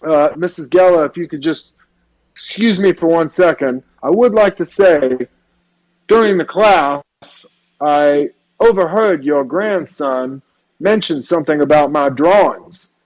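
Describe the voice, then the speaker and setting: A man voicing a stern male art teacher who lectures in a firm, measured way. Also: a little high, darkish tone, close to an everyday voice, low-quality recording.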